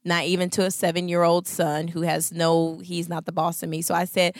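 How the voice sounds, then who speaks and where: A woman in her thirties giving a Christian talk on marriage, expressive and full of acted-out voices. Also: lowish voice, unhurried, long pauses, no echo, studio quality. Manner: expressive, acts out voices, laughs. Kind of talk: animated storytelling talk.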